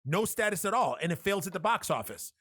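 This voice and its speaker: A man co-hosting a podcast, chatting casually and profanely, animated as he retells scenes and throws in quick impressions. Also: high-pitched, no echo. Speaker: podcast co-host.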